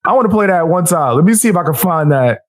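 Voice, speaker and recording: A man's voice: on the high side, animated, fast. A man giving casual, trash-talking commentary while he reacts to a debate clip on his stream.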